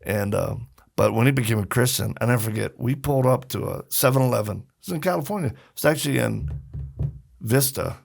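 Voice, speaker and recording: A man's voice: medium pitch, a little fast, gravelly. A middle-aged man, a podcast guest, telling stories in a casual interview and acting out the voices of the people in them. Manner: animated storyteller acting out quotes.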